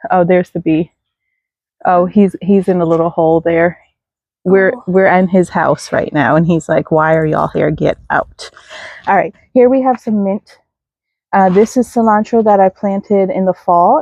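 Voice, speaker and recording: A woman's voice: mid-range voice, mellow, no room sound. A woman gives a casual outdoor garden tour, chatting to viewers and talking to her plants. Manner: chatty, self-deprecating, talks to viewers and plants. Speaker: garden vlogger.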